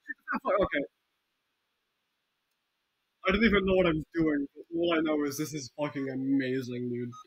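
A man giving excitable, swear-filled gameplay commentary as a video game YouTuber, breaking into yelling bursts. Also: on the high side, normal speed, pauses often, slightly rough, no room sound, highs cut off.

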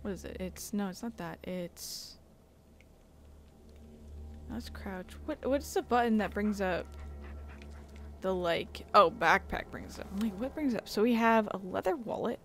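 A woman's voice: medium pitch, animated, unhurried, long pauses, slight background noise. Woman rambling over a video game. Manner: rambling, casual, swears at the game. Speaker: gaming channel host. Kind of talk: let's play commentary.

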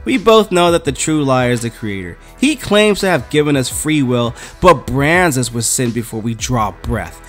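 A man's voice: medium pitch, expressive, moderate pace, hardly any pauses, a bit bright, faint music behind, natural voice. A man voicing a cocky, scheming male demon who talks in a sly, mocking way. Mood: sly, sneering.

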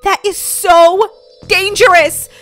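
A woman playing a high, bright, fussy strict mom. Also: steady tone, slow, soft background music, heavily acted. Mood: alarmed scolding. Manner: fussy, worried, exaggerated scolding. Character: anxious overprotective mother of two girls. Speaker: voice actor in a game role-play. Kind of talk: casual role-play voice acting.

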